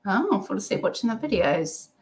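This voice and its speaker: A woman's voice: medium pitch, big pitch swings, moderate pace, a little mellow. A middle-aged woman, hosting a casual live stream at home, reading chat comments and rambling with many ums and asides.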